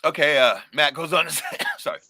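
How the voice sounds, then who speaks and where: A middle-aged man rants on his livestream, profane and rowdy after a few beers. His voice is bright and cutting, and his pitch swings all over. The sound is dry and close. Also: wildly swooping pitch, fairly quick, no echo. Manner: profane, rowdy, loud ranting. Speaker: livestream host. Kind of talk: casual livestream rant.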